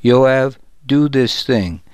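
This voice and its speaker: A man voicing an aging king in a slow, measured audiobook reading. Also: medium pitch, smooth, no room sound. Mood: solemn. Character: aging king, commanding yet tender. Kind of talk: audiobook narration.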